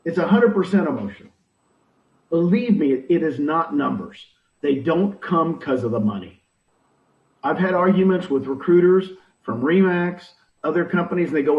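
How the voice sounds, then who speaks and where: Speaking with a slightly high, expressive voice at normal speed, this interviewee, a real estate recruiting mentor, delivers animated, punchy advice laced with rhetorical questions. The audio is echoey, dull, and far off.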